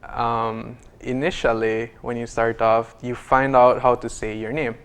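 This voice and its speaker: Guy learning mandarin, gravelly voice, careful and measured explaining. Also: mid-range voice, little pitch movement. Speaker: Mandarin student. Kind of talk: casual talk show chat.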